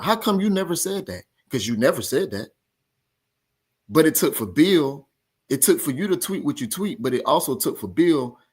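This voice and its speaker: A man hosting a boxing talk show, ranting in a heated, casual way and repeating his points with emphasis. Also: mid-range voice. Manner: animated, repetitive, argumentative.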